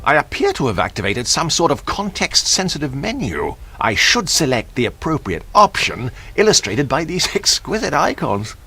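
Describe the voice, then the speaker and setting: An actor playing a polite, dry English gentleman astronaut in a studio game, with an English accent and a proper, understated manner. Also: on the high side, huge pitch swings, normal speed, hardly any pauses, slightly rough, heavily acted.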